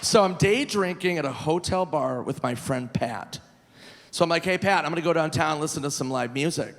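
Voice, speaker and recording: A man in his forties performing a live stand-up comedy set, animated and loose, breaking into squealing high voices for punchlines. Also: normal speed. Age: 40s. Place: large theater stage. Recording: live venue with long reverb, faint noise.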